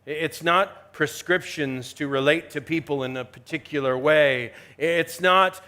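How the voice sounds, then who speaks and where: A man preaching a chapel sermon with emphatic delivery, swinging from hushed asides to rising exhortation. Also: fairly high pitch, a little slow, few pauses, clean tone. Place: university chapel.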